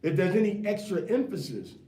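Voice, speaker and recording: Slangy, animated male Bible teacher. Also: high-pitched, brisk. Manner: animated, slangy, quizzes the class with rhetorical questions. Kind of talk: informal scripture class teaching. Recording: echoey room, mic far off.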